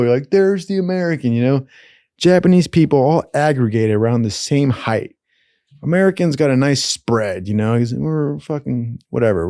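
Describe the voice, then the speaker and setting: A man's voice: medium pitch, no room sound, studio quality. A man telling wild stories in a casual, profane, rambling way, full of slang and asides. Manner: profane, animated, slangy with "dude". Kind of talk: casual storytelling.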